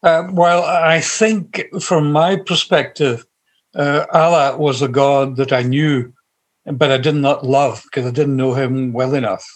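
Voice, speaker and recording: A man's voice: medium pitch, fairly even intonation, a little slow. A middle-aged man with a Glaswegian Scottish accent, telling his personal faith story to an interviewer in an earnest, heartfelt, rambling way. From Scotland. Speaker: guest sharing his faith testimony. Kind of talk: personal testimony in conversation.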